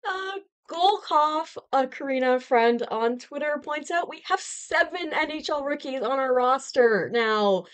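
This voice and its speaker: A woman hosts a live hockey reaction stream, her voice high and her delivery slow and drawn out. She exclaims, repeats herself and laughs in nervous alarm as she talks. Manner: panicked, exclaiming, laughing, repetitive.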